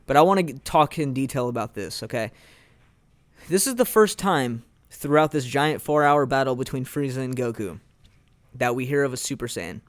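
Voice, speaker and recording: A man hosting a casual review podcast. He rambles excitedly through a story recap with plenty of filler words. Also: medium pitch, moderate pace, no room sound, studio quality. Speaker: podcast host reviewing anime. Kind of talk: casual chat.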